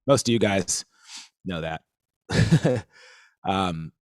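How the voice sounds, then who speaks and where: A man's voice: sits low, animated, very slow, heavy background noise. A man giving a casual live-streamed drum lesson, rambling and easygoing, with lots of fillers. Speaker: drum teacher.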